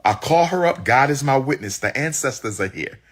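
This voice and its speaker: A man's voice: medium pitch, lively intonation, normal speed. A man telling an audience his personal story in a heated, exclaiming way, repeating phrases for emphasis. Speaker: public speaker.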